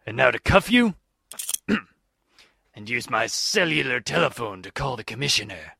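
A man plays a self-serious masked crimefighter in a radio comedy, full of gruff bravado. the voice is gravelly yet bright and sharp. it swings widely, from brooding lows to loud heroic calls. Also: very animated, moderate pace, no room sound, studio quality, full character voice. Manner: gruff, melodramatic hero bravado. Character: earnest, pompous masked crimefighter.

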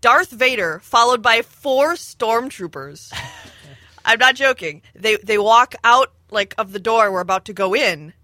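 A woman telling a rambling story in casual chat, laughing often and filling pauses with ums. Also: on the high side, lively intonation, sharp tone, dry recording, studio quality. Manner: giggly, rambling with many fillers. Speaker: storyteller on a podcast.

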